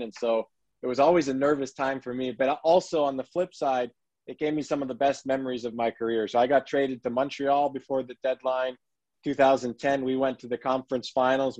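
A man's voice: medium pitch, a little mellow, dry recording. A man who played pro hockey, talking casually about his career in a laid-back, teasing way. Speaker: former pro hockey player, podcast co-host. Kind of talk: casual chat. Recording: dull, dry sound.

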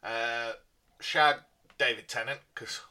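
A man's voice: mid-range voice, steady tone, takes it slowly, bright, forceful tone. A man co-hosting a podcast in casual chat, playful and fond of spinning comic scenarios. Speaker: podcast co-host.

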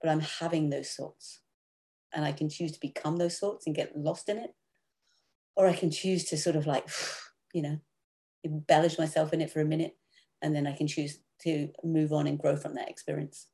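A woman's voice: low-pitched, fairly even intonation, moderate pace, vocal fry, dark tone. A woman in her sixties, a guest on a podcast, speaking frankly and swearing freely as she talks about her own hard times. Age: 60s. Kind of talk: candid conversational interview.

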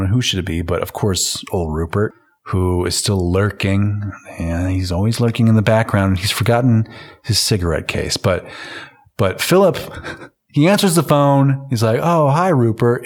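A man co-hosting a casual film podcast, recapping the plot with jokes, swearing and frequent laughter. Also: fairly low pitch. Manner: joking, profane, laughs often while recapping. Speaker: podcast co-host.

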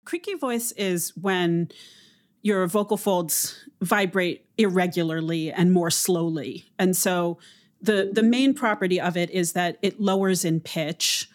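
A woman linguist explaining speech features in a measured, academic interview manner. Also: lowish voice. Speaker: linguist guest.

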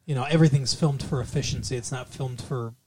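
A man's voice: medium pitch, fairly even intonation, background noise. Rambling jokey male podcast co-host. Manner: rambling, jokey, does quick impressions. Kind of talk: casual movie review chat.

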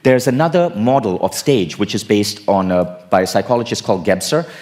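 A man delivers a personal growth keynote on stage in a fairly low voice. He speaks emphatically and casually and talks straight to the audience. Now and then he drops in a swear word for punch. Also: animated, brisk, darkish tone. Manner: emphatic, casual, sometimes profane.

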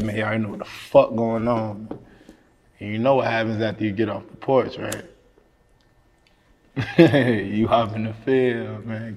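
A man's voice: lowish voice, gravelly, darkish tone. A man from Miami, a rapper guest in a casual interview, talking in a laid-back, slangy way and laughing often. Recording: echoey room with long reverb.

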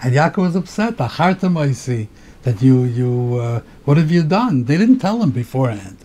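A man's voice: medium pitch, very animated, normal speed, dark tone, a little hiss or hum. A rabbi giving a Torah lecture, mixing Hebrew terms into English and often repeating words as he thinks.

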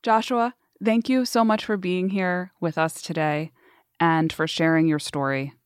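A woman hosting a podcast, asking engaged, expressive interview questions and wrapping up the show. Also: lowish voice, unhurried, clean tone. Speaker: podcast host. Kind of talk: conversational interviewing.

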